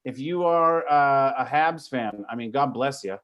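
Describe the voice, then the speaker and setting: A man's voice: medium pitch, expressive, measured pace, lo-fi sound. Male host, loose swearing banter on a call-in sports stream. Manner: profane, joking, rambling. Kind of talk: casual sports talk stream. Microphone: video call.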